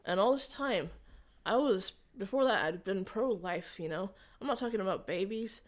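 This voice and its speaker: A woman in an interview, telling a personal faith story in a rambling, halting way with frequent restarts. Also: mid-range voice, expressive. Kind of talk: conversational testimony.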